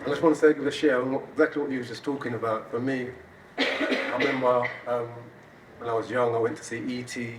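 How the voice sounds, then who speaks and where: A man sharing a personal story on stage at an event, animated and laughing as he talks. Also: medium pitch, fairly quick. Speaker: event speaker. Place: event hall. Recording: roomy hall audio from a distance, audience noise.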